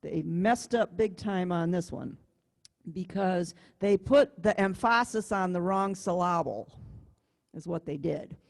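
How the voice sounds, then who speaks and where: A woman's voice: lowish voice, measured pace, creaky, darkish tone. A woman music teacher giving an online class, explaining step by step with patience and counting beats aloud over a computer mic. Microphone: computer mic on a video call.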